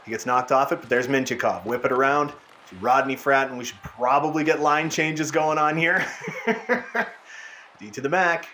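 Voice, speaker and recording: A young man giving casual, excited play-by-play commentary over a hockey video game, his voice sounding worn out. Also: medium pitch, normal speed, a little hiss or hum. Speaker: gaming YouTuber. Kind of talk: gameplay commentary.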